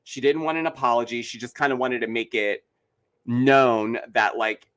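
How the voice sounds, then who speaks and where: Animated man, mid-pitched, playfully mocking. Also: moderate pace. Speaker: guest. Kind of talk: casual chat recapping a reality show.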